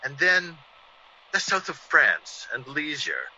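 An actor playing a vengeful, menacing ex-convict who sneers and gloats, in 1940s radio acting on a dull old radio recording. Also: male voice, a little high, huge pitch swings, takes it slowly, bright, forceful tone, a little hiss or hum, voice pushed up, exaggerated voice. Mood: gloating. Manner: sneering, theatrical villain with gloating laughs.

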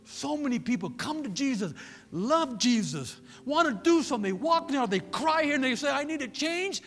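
Animated, gravelly-voiced preacher in a church. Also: male voice, a little fast, big-room sound, faint music behind. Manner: animated preaching, swinging between loud peaks and low murmurs. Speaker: pastor. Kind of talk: sermon.

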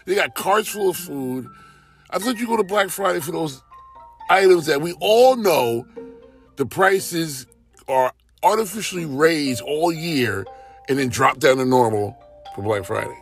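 A man's voice: a little high, a little slow, faint music behind. A man in a casual, rambling monologue, animatedly telling everyday stories and acting out what others said. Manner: animated, rambling, acts out quotes. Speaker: storyteller.

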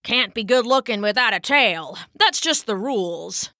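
A woman's voice: on the high side, lively intonation, normal speed, sharp tone, no room sound, clean studio sound. A woman voicing a taunting male wild dog with a blunt, jeering manner. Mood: smug.

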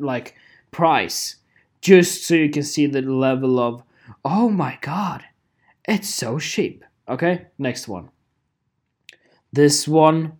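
A tired man hosts his own photography podcast, delivering a casual solo vlog rant. He's animated and swears, his pitch swinging lively, and he keeps checking in with "okay?" over and over.

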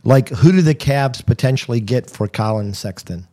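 A man's voice: mid-range voice, moderate pace, dark tone. A man co-hosting a casual sports podcast, stubborn and argumentative. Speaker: podcast co-host.

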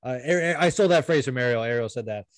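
A man's voice: medium pitch, lively intonation, fast, no echo. Podcast host guy rambling along, laughs a lot, swears, dry close mic. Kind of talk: casual chat.

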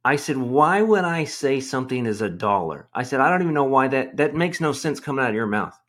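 A man on a casual podcast, telling a story in an animated, exasperated way and swearing freely. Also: medium pitch, fairly quick. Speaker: podcast host.

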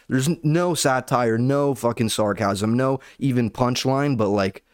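An unhurried young man with a clean-toned, mid-range voice rants casually and sarcastically, recorded at studio quality with no room sound. He swears often and keeps calling everyone "dude" in this comedic rant.

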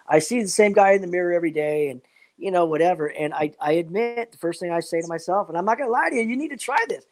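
Rambling upbeat motivational man. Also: on the high side. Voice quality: rambling, repeats "man" and "you know what". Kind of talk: casual chat.

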